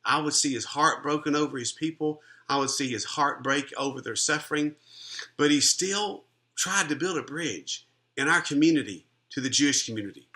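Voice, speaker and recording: A man's voice: on the high side, moderate pace, pushed and bright. A middle-aged man, a Christian minister and life coach, telling a personal testimony in an earnest, conversational way with frequent restarts.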